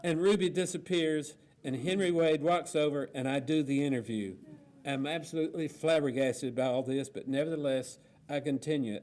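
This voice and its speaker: A man moderating a panel, reading an account aloud in a steady, plainspoken way with frequent fillers. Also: mid-range voice, moderate pace.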